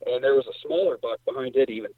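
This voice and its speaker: Here the same kind of speaker, a middle-aged guest hunter from Indiana, talks fast while casually telling an animated, wandering hunting story. Whenever he quotes others his pitch shoots up; his voice has a slight huskiness, and the dry, tinny, phone-like recording carries no room sound.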